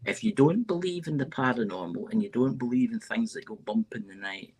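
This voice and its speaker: A male interview host with a gravelly, fry-laden voice that also sounds husky. He talks eagerly and says the same thing twice to drive his point home. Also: medium pitch, lively intonation, brisk, darkish tone. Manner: eager, repeats himself for emphasis. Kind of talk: casual interview chat.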